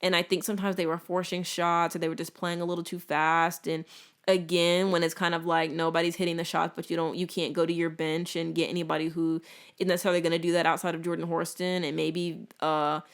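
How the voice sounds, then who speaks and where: A woman's voice: on the low side, level tone, a little fast. A young woman hosting a casual podcast, chatty and opinionated with playful asides. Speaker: podcast host. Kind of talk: casual chat.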